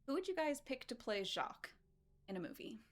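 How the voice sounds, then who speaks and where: A woman's voice: on the high side, sing-song, brisk. Bubbly woman hosting a charity stream. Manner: bubbly, playful, giggly. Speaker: charity speedrun marathon host. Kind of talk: casual chat.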